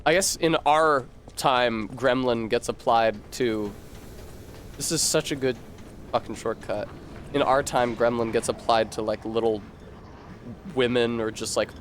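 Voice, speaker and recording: A man's voice: mid-range voice, fairly even intonation, a little slow, slight background noise. A man streaming a game, rambling to chat and reading word origins aloud with casual swearing.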